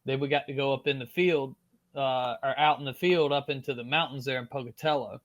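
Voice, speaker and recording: Speaking briskly at a medium pitch, a Florida man with a heavy Southern accent guests on a podcast, spinning his story in an animated, loose manner peppered with fillers and casual profanity.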